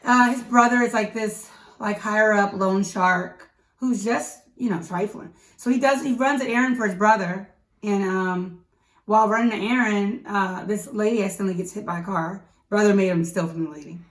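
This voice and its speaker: A woman co-hosting a casual movie review, talking in a chatty, animated way with quick asides. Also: medium pitch. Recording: echoey room, mic at a distance.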